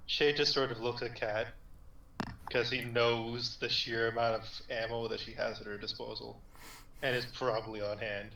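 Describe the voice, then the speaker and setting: A man's voice: mid-range voice, little pitch movement, normal speed, creaky, bright, forceful tone, echoey room, a little hiss or hum, rough recording. A man playing a tabletop game, dry and exasperated with the others. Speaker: player. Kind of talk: tabletop game play, in and out of character.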